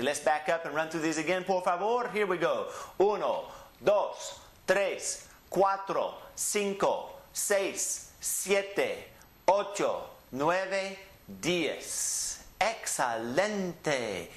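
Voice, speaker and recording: Slow-drilling Texan man teaching Spanish. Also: a little high, fairly bright tone, reverberant. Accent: Southeast Texas. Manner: slow, drawn-out enunciation with call-and-repeat drills. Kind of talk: classroom-style language lesson.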